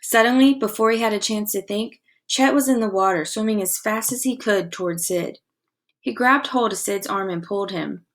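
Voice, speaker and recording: A woman teacher reads a chapter book aloud to her class, her delivery expressive and full of suspense. She stops now and then to ask the children questions about the story. Her voice sits at an ordinary pitch for a woman. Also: normal speed. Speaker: elementary school teacher. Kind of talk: reading a novel aloud to a class.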